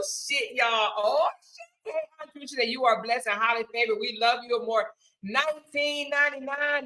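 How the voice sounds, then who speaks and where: A woman hosting a live stream, reading out viewer super chats, excitable, chanting and shouting thanks, swearing casually and laughing often. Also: high voice, low-quality recording. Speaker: livestream host.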